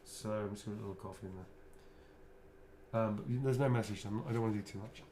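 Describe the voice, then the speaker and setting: A man chatting casually while he signs autographs on a livestream. He teases playfully, swears freely, chuckles often and drops to a quiet mutter while he draws. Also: fairly low pitch, steady tone, fast, a little hiss or hum. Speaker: actor signing autographs on a livestream. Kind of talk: casual chat while signing.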